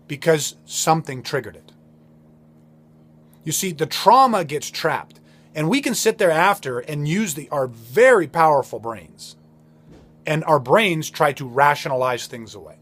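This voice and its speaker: A man's voice: high-pitched, lively intonation, moderate pace. A man hosting a podcast, talking in an earnest, emphatic way, often repeating words as he explains. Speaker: podcast host. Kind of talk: motivational podcast talk.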